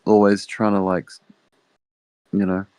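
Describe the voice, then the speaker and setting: A man's voice: on the low side, level tone, measured pace, a little mellow, clean tone, dry recording. A man in a casual podcast chat, speaking hesitantly with many fillers. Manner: hesitant, filler-heavy, mocking quotes.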